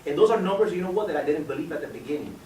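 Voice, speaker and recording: Persuasive man pitching in an echoey room. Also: lively intonation, racing, dark tone. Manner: persuasive, quizzing listeners by name. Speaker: business opportunity presenter. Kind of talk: sales pitch to an audience. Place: meeting room with guests. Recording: echoey room, mic far off, faint background noise.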